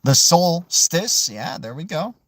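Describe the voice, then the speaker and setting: A man hosting a casual crypto livestream, answering viewer questions in an animated, emphatic way and tossing in "dude" and "man". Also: fairly high pitch, takes it slowly, dry recording. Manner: animated, peppers speech with "right?", "dude" and "man"; emphatic, swears mildly for emphasis.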